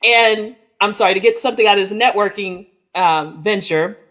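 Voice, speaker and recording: A woman co-hosting a podcast, telling a lively personal story in casual chat and acting out the dialogue as she goes. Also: mid-range voice, normal speed. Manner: animated storyteller, acts out dialogue, frequent "like" and "oh my gosh". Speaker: podcast co-host.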